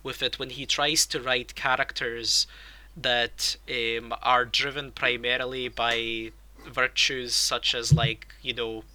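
A man's voice: medium pitch, little pitch movement, slow pace, bright, forceful tone, poor audio. A man, a podcast co-host rambling through a casual book discussion, restarting his sentences and laughing often.

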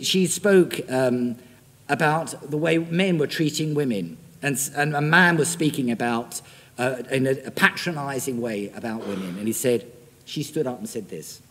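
A man's voice: mid-range voice, normal speed, fairly bright tone, slightly rough. A male preacher giving an emphatic sermon in a church, often asking his listeners rhetorical questions. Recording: long reverb in a large hall.

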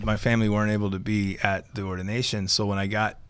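A man's voice: fairly low pitch, fast talker, smooth. A young man, a seminarian guest, telling a story casually and acting out the dialogue. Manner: animated, acts out dialogue with laughter.

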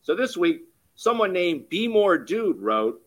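A man's voice: sits high, very animated, unhurried. A man co-hosting a podcast, chatting casually and reading show segments in an upbeat way. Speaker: podcast co-host.

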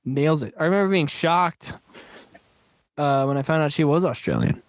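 A man's voice: fairly high pitch, expressive, moderate pace, no room sound. Chatty man with a dry close sound. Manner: laughs often, repeats phrases. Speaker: podcast host. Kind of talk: casual movie chat.

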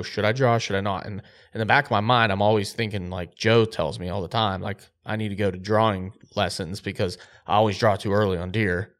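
Low-voiced man telling an excited hunting story. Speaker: podcast co-host.

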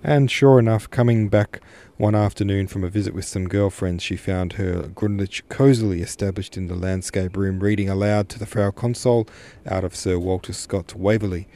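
A man reading a classic novel aloud as a podcast host, steady and unhurried. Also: sits low. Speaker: podcast host, literature reader. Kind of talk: audiobook narration.

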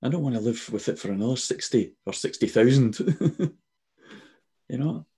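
A man in his sixties with a dark, husky voice talks over a video call. He tells his stories with energy and acts out the voices he quotes in an easygoing faith conversation. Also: medium pitch, expressive, moderate pace. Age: 60s. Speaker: guest.

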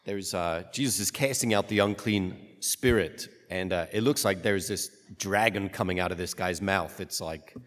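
A man's voice: low voice, moderate pace, few pauses, fairly bright tone. A man, a priest, reading the gospel and then giving a homily in a conversational way, often asking "right?". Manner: conversational, asks rhetorical "right?". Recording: long reverb of a large room.

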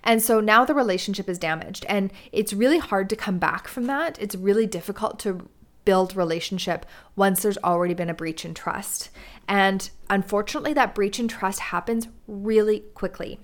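A woman from Canada who teaches drama speaks in an earnest, measured way. She explains her points steadily, in a mid-pitched voice that is neither high nor low. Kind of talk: reflective talk on teaching.

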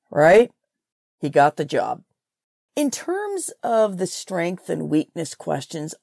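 A woman's voice: medium pitch, vocal fry, no echo, clean studio sound. A woman from Canada, a career coach, giving direct, blunt interview advice on her podcast. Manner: direct, blunt, animated with laughs.

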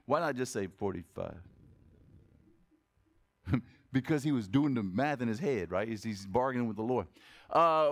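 A male pastor preaching a sermon, animated and conversational, jumping between loud exclamations and quiet asides and asking his congregation questions. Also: medium pitch, normal speed, pauses often, dry recording, studio quality.

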